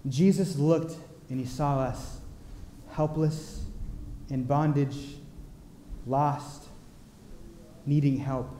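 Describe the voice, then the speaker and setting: A man preaching a sermon, telling a story in an earnest, unhurried way with pauses. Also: medium pitch, fairly even intonation, warm tone, slight background noise. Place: large church sanctuary. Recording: echoey church hall with long reverb.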